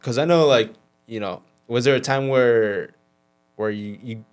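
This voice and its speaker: A man co-hosting a podcast, chatting casually and asking questions in a laid-back, halting way. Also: medium pitch, clear, resonant tone. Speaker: podcast co-host. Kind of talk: casual chat.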